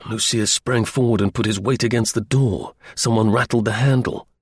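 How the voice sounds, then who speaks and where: A man narrating a first-person adventure story as an audiobook in a measured, even storytelling manner, with a husky voice. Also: lowish voice, no echo, studio quality.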